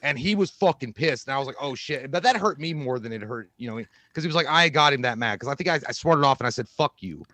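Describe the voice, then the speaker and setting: A man co-hosting a podcast, telling animated, profanity-laced stories in casual chat. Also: mid-range voice, fast, few pauses, dry recording. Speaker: podcast co-host.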